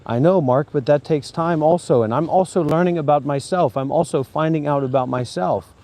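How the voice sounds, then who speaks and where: Preachy, rambling man with a mellow voice. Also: fairly high pitch, fairly quick. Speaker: former Buddhist monk vlogger. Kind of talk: rambling monologue to camera. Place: outdoors in a graveyard.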